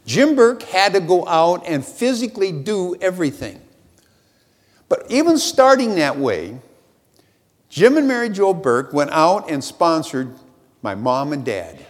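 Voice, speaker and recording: A man tells a self-mocking story to a convention crowd, and his voice sits high and swings widely in pitch. The sound carries the long reverb of a large hall. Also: sing-song, measured pace. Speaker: speaker at a sales convention. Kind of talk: motivational storytelling speech.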